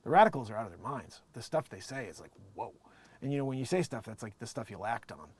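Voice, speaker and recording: A man hosting his own show, talking in a rambling, joking way that swings between low mutters and loud bursts. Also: big pitch swings, fast talker, husky, no room sound. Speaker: show host. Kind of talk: casual live-stream commentary.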